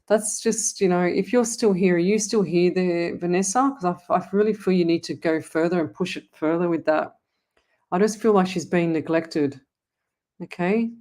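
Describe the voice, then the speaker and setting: Chatty Australian woman, lowish voice. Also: normal speed, a little mellow. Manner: chatty, rambling, affectionate toward viewers. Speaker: psychic medium host. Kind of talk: casual live-stream chat.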